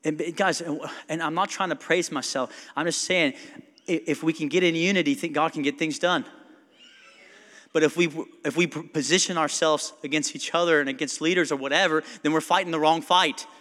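In a reverberant church sanctuary, a male pastor with a slightly high, sharp-toned voice preaches at a fairly quick clip and with fairly even intonation. The sermon is chatty and story-driven, full of quoted people and questions put to the congregation.

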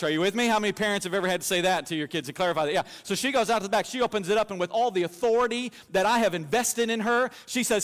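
A man in his thirties, a pastor, preaching a sermon and telling animated stories with humor. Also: sits high, fast talker, hardly any pauses, long reverb tail.

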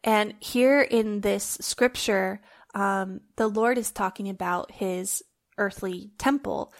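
A woman's voice: mid-range voice, slow. A woman hosting a faith-based podcast, talking in an earnest, heartfelt, conversational way and recording at home on her phone. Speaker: podcast host.

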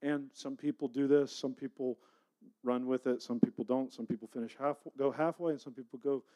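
A man, a pastor, telling a personal story in a conversational, animated sermon style. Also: mid-range voice, brisk. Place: church.

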